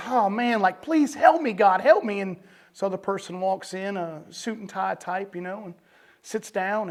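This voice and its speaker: A man telling his recovery testimony to a meeting room audience in a loose, conversational way. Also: high-pitched. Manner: conversational, peppered with "you know" and "man". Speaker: recovery speaker.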